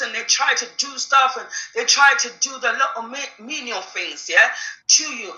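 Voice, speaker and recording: A woman preaching a sermon, talking emphatically and breaking into shouts, acting out demons and believers in quoted voices. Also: high-pitched. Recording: echoey room.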